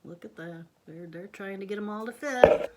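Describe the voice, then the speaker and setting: A woman reading a picture book aloud to a child, playful, with chatty asides and hushed whispers. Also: mid-range voice, moderate pace, very noisy. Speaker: parent reading a storybook to a child. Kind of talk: animated read-aloud storytelling.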